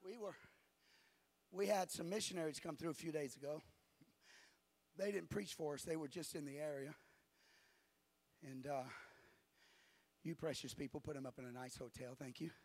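A man pastor preaching a sermon to his congregation in a church, shouting at the peaks and dropping to a quiet, conversational storytelling voice in between. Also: fairly high pitch, moderate pace, long pauses.

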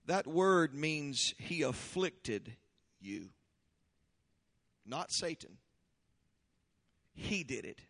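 A man preaching a sermon, leading prayer and praise with fervor, then reading scripture slowly and explaining it. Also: fairly high pitch, very animated, vocal fry, in a large hall. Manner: fervent, shouting praise then slow deliberate teaching. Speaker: pastor.

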